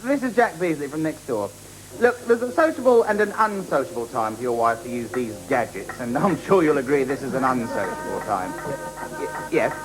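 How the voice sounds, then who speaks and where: A man's voice: mid-range voice, very animated, a little fast, slight background noise, close to an everyday voice, rough recording. An actor playing a fussy, stammering male neighbour who makes a prim complaint in a TV sketch. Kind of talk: 1980s TV sketch comedy.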